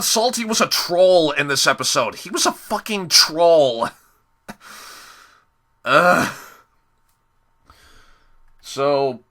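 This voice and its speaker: A young man giving a casual spoken episode review, sarcastic and exasperated, often pausing and restarting. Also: medium pitch, bright, forceful tone. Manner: hesitant, many fillers and restarts.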